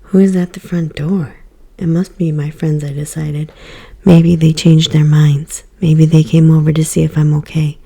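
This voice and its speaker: A woman giving a soft, whispered ASMR book reading as storyteller. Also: deep voice, little pitch movement, moderate pace, vocal fry, slightly rough.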